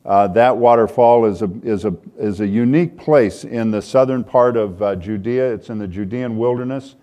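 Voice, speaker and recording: A man's voice: lowish voice, normal speed, dark tone. A man preaching a sermon in a conversational way, reading scripture aloud with more force. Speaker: pastor.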